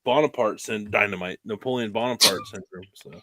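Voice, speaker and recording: A man's voice: fairly low pitch, fairly quick, a bit bright. A man hosting a podcast, telling rambling stories in casual chat. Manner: rambling storyteller, lots of "like" and restarts. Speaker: podcast host.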